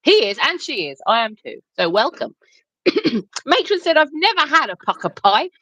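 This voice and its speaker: A woman's voice: high-pitched, big pitch swings, normal speed, bright, forceful tone, no echo, rough recording. A British woman co-hosting a livestream, chatty and giggly as she reads viewer comments aloud. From United Kingdom. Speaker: co-host reading chat. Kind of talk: casual livestream chat.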